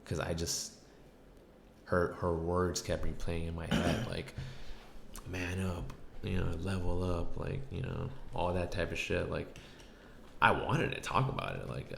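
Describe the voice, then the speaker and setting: Brief: very deep, gravelly male host, hesitant and reflective, in an echoey room. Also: lively intonation, moderate pace, a little hiss or hum. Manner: hesitant and reflective, many restarts. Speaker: podcast host. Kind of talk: casual storytelling chat.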